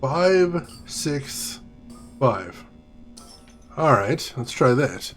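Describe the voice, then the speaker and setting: A man's voice: a little high, very animated, takes it slowly, long pauses, soft background music. Chatty male gameplay host. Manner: musing, chatty, thinking aloud. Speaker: let's play host. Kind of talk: casual gameplay commentary.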